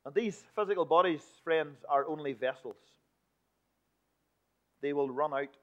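Man preaching, swinging loud to hushed. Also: on the high side, unhurried. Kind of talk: sermon. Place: church building. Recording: dull lo-fi recording.

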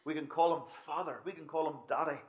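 Man preaching a chatty sermon, slightly high voice. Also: steady tone, quick pace, lo-fi sound. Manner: conversational, with asides and restarts.

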